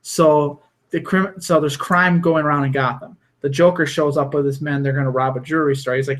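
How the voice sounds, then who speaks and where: A man's voice: a little high, a little fast, hardly any pauses. A man co-hosting a casual podcast, eagerly retelling cartoon episodes and acting out the characters' lines. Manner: animated storyteller, acts out quoted lines. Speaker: podcast co-host.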